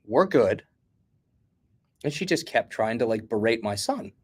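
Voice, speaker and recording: A middle-aged American man telling blunt, animated stories as a guest in a casual chat. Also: on the low side, a little fast. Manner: animated storyteller, blunt and combative.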